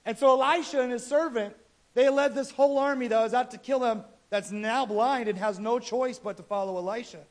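A man with a strikingly high voice, speaking a little fast, tells a scripture story in a sermon with loose, conversational ease. His retelling is casual and animated, and he stays relaxed with his listeners.

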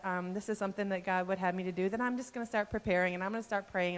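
A woman in her fifties speaks to her church congregation, heartfelt and earnest, and she often pauses on soft fillers. Her voice sits at an ordinary middle pitch. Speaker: pastor's wife speaking at church. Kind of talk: church message. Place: church sanctuary.

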